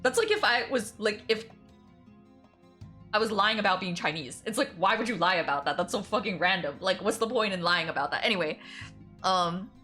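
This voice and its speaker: A woman's voice: medium pitch, expressive, fairly quick, bright, forceful tone, soft background music. A young woman streamer telling a long story in casual chat, rambling with many fillers and frequent laughs. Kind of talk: casual storytelling while drawing.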